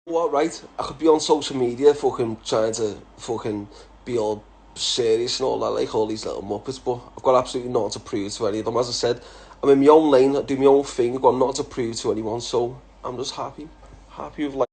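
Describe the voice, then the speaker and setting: In a steady, slightly mellow, medium-pitched voice at a fairly quick clip, a man from England in his thirties takes follower questions in a casual chat. He doesn't mince words, swears, and often says lad.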